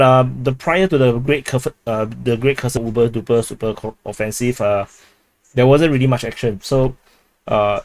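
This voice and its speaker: A man's voice: mid-range voice, a little mellow. A man giving an unscripted war update, hesitant and wry, full of fillers and restarts. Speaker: military news commentator.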